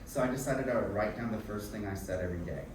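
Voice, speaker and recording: A man telling a personal story to a live audience in an animated, self-mocking and frank way, swearing freely. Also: lowish voice, fast talker. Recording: echoey room from a distant mic with background noise.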